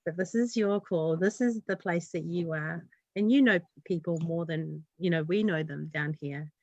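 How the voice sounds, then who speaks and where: A New woman speaks in a lowish voice, earnest and heartfelt. Her thoughts run on from one to the next in casual interview chat. The sound is dry and close. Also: normal speed, no room sound, highs cut off. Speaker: community developer, guest.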